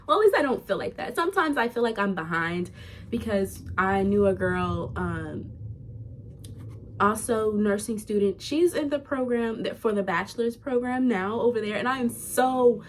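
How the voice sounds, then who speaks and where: A woman's voice: a little high, lively intonation, normal speed. A young woman, a nursing student, talking candidly and chattily to her viewers in a casual vlog. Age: young adult.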